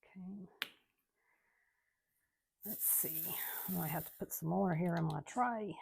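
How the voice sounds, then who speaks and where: Low-voiced, gravelly woman chatting. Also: slow, noisy background. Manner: chatty, rambling, soft-spoken. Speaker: craft channel host. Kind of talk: casual chat while crafting. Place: home craft room.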